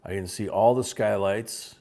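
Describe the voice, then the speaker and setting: A man's voice: fairly low pitch, fairly even intonation, a little slow, vocal fry, mellow. A man from Chicago hosting a live-streamed coin auction, chatting between calls of bidders' names and bids. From Chicago, USA.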